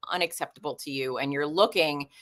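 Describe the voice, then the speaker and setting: Woman in her 40s chatting on a livestream, bright voice, reads out comments. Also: low voice, fairly quick. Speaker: livestream host. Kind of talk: casual livestream chat.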